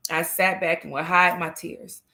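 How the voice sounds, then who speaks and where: Earnest low-voiced middle-aged woman storyteller. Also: fairly even intonation, normal speed, pushed and bright. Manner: earnest, emphatic, frank. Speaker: livestream host. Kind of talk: candid personal storytelling.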